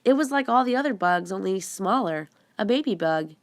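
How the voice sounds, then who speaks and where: A woman reading a children's adventure book aloud, steady and expressive. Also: mid-range voice, moderate pace. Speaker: audiobook narrator. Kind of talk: storybook narration.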